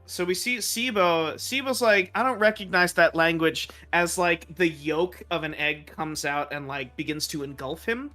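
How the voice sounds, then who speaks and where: A man's voice: on the high side, measured pace, few pauses, pushed and bright, faint music behind. A man running a tabletop game as dungeon master, narrating with frequent laughs and fillers. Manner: laughing often, with fillers and restarts.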